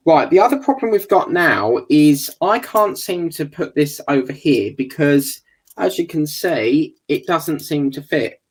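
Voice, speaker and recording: A man with a gravelly voice, chatting casually while building a scale model kit and muttering and swearing under his breath. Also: on the high side, low-quality recording. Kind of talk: casual build video chat.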